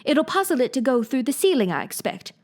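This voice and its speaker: A polite, wondering little girl in a storybook, speaking earnestly in a fairly high, lively voice, as a woman reading aloud puts her on. Her questions sound sincere and well-mannered. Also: fairly quick, full character voice.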